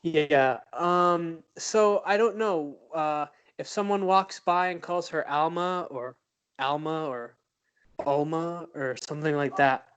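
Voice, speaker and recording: A man co-hosting a podcast, chatting casually and thoughtfully, pausing often with fillers and restarts. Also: fairly high pitch, a bit bright, clean tone, highs cut off. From United States. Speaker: podcast co-host. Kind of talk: casual chat.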